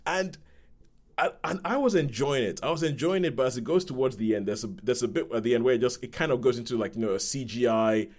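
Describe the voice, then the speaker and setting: A man reviewing a film on a podcast in casual chat, retelling the story in a rambling, animated way. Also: mid-range voice, fast.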